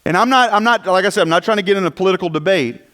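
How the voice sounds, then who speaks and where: High-voiced man preaching. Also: very fast, a bit bright. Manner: conversational preaching with rhetorical questions and asides. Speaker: pastor. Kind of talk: sermon.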